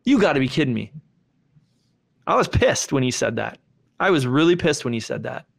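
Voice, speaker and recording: A man giving a motivational talk and telling a personal story in an animated way, with sharp jumps in pitch. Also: moderate pace, creaky. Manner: animated, swings pitch up sharply when acting out his younger self. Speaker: speaker.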